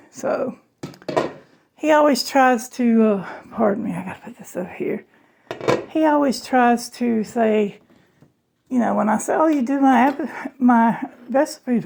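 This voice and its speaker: A woman's voice: a little high, a little slow, gravelly, a little mellow. A woman chatting casually to her viewers in a home cooking vlog, folksy and half awake. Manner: chatty, folksy, talks to viewers as y'all and honey. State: just woke up, half awake. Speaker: home cook vlogger.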